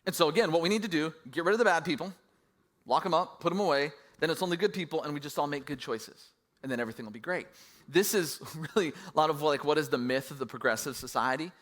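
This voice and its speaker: Male pastor, middle-aged, bright tone, slightly high voice, casual sermon storytelling. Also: fast talker. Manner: conversational storytelling with self-deprecating humor.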